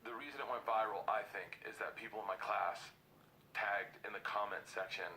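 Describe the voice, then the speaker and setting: A man telling a long story on a podcast, rambling and animated, swearing a lot. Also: lowish voice, a little fast. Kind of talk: casual storytelling. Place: bar or pub room. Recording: roomy, distant mic, background noise.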